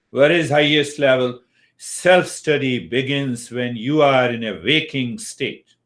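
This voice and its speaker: Slow, deliberate older male yoga teacher. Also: medium pitch, fairly bright tone. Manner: slow and deliberate, asks and answers his own questions. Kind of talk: spoken lesson on yoga philosophy.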